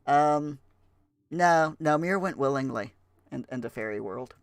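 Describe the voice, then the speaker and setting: A man hosting a game livestream in chatty, halting speech full of fillers, putting on a rough Scottish accent. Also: a little high, expressive, dry recording. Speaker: livestream host. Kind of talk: casual livestream chat.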